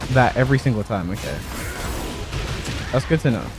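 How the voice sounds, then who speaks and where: A young man chatting casually about a fighting game while he plays, animated and given to exaggeration, laughing at himself now and then. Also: medium pitch, moderate pace, music in the background. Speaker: pro fighting game player and content creator. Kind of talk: casual commentary over gameplay.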